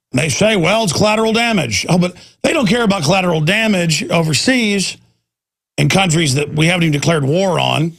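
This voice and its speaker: A man's voice: on the high side, creaky, a bit bright, slightly rough. A man hosting a talk radio show, ranting intensely in a combative political monologue.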